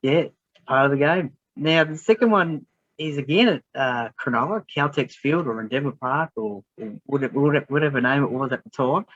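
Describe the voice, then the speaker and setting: Male podcast host, relaxed, slightly muffled dry recording. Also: medium pitch, a little fast, dry recording. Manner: relaxed, short affirmations and rambling questions. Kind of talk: casual interview.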